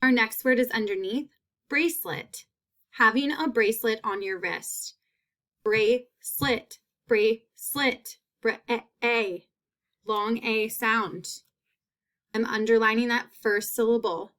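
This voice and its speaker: A woman teacher giving a phonics lesson, stretching out sounds and repeating each word slowly. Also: on the high side, pushed and bright.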